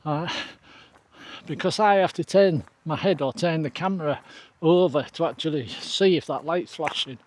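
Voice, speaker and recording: A man's voice: on the high side, moderate pace. A middle-aged man, chatting casually to an action camera outdoors and laughing often at himself. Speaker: trail running vlogger. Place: outdoors on a trail.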